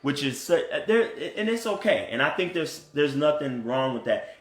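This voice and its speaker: A man coaching couples in casual talk, earnest and animated, often checking in with "right?". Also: a little high, moderate pace, few pauses. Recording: echoey room.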